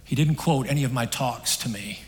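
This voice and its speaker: A man preaching a sermon on a stage, telling a story in an earnest, conversational way that swings between emphatic and hushed. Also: mid-range voice, normal speed. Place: stage in a large hall. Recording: long hall reverb.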